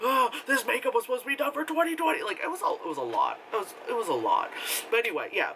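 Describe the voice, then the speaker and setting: A man's voice: rapid-fire, creaky, a little hiss or hum, rough recording. A man vlogging a casual convention recap, rambling and swearing freely, laughing often and acting out what people said in a raised voice. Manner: animated, acts out quotes in a high voice, laughs often.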